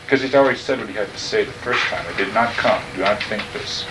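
A man lecturing on New Testament Greek talks fast in a lowish voice. He explains each word with patience and confirms the students are following, and the classroom recording is distant and noisy.

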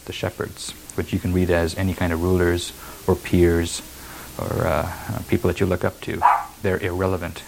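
A man's voice: low-pitched, gravelly, a little hiss or hum, poor audio. A man preaching a sermon, reading verses and then explaining them emphatically. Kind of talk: sermon expounding scripture.

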